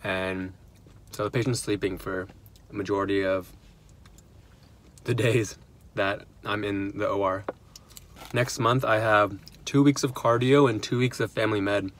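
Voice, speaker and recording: A man's voice: fairly low pitch, a little slow, long pauses, a little hiss or hum. A young man in his twenties, a physician assistant student, chatting casually into a phone at arm's length, rambling with lots of fillers. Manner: relaxed, rambling, filler-heavy. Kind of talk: casual vlog chat. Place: car and home. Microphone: phone held at arm's length.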